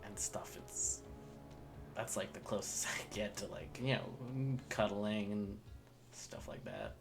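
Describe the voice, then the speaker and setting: A game master voicing a bashful young man in a tabletop role-play, talking softly and haltingly. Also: low voice, sing-song, vocal fry, over music, pitched below the performer's own voice, full character voice. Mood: shy. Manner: soft, hesitant, halting. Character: bashful young man, shy about closeness.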